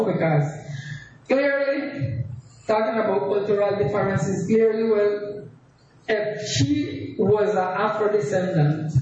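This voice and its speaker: A man preaching a sermon, slowly explaining scripture and reading verses aloud. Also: sits high, darkish tone, a little hiss or hum. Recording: echoey hall, distant, dull.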